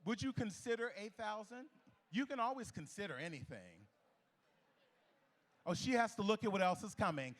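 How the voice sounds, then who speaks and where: A man calling bids at a charity gala auction, playful and teasing with bidders, repeating the bids in quick patter. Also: sits high, animated, fairly bright tone. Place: gala ballroom.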